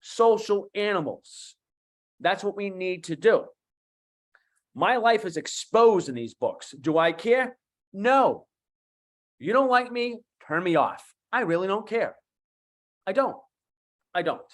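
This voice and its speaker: A man in his fifties with a Boston accent, speaking as a guest coach on an online talk show, animated and emphatic, repeating key phrases. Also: sits high, slow pace, long pauses. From USA. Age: 50s.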